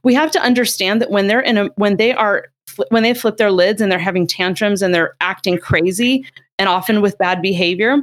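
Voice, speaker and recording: A woman's voice: medium pitch, a little fast. A middle-aged woman, a parenting expert, explaining in a conversational way and acting out quotes as she tells stories. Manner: animated storytelling, acts out quotes.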